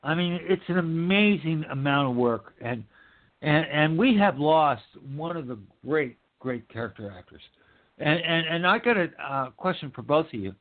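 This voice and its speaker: A man's voice: a little high, lively intonation, moderate pace. A man hosts a loose podcast chat over a tinny, phone-like line. He talks emphatically, swears freely and often stammers, repeating words as he finds his point. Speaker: podcast host. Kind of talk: casual chat.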